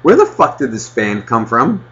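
A man's voice: mid-range voice, huge pitch swings, moderate pace, a bit bright, highs cut off, slight background noise. A man doing a baffled, cursing golfer. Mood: indignant. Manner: indignant, cursing. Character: confused, irritated male golfer.

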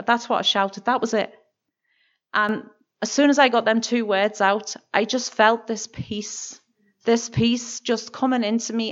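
A woman's voice: on the high side, fairly bright tone, dull audio. A woman with a Northern Irish accent giving an earnest, emotional personal testimony in church, often stopping and restarting her sentences.

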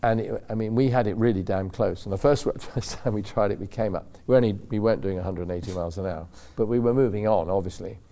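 A man's voice: fairly low pitch, fast talker, few pauses, warm tone, a little hiss or hum. Older man telling a rambling racing story. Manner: rambling and self-correcting, acts out quoted voices. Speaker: racing driver guest. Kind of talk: anecdotal storytelling. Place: club talk show stage.

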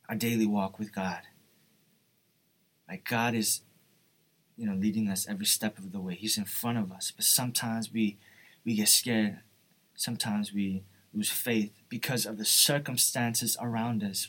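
A man's voice: lowish voice, a bit bright. A young man giving an earnest, informal devotional talk, often asking "right?" and "you know". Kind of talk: informal sermon.

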